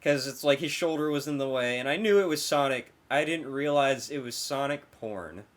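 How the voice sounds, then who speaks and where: A man's voice: medium pitch, normal speed. A young man co-hosting a casual podcast, telling a story with lots of laughter and casual swearing. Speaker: podcast co-host.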